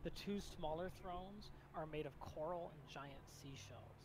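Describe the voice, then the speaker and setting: A man's voice: fairly high pitch, unhurried. A man narrating as game master of a tabletop fantasy game, describing scenes and voicing characters with frequent restarts. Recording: noisy background hiss.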